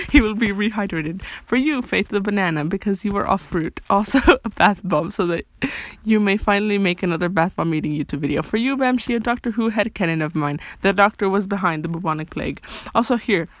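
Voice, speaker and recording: A woman voicing Santa Claus with an attempted Russian accent, booming and hammy in an amateur story reading. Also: animated, a little fast, no echo, close to an everyday voice, low-quality recording.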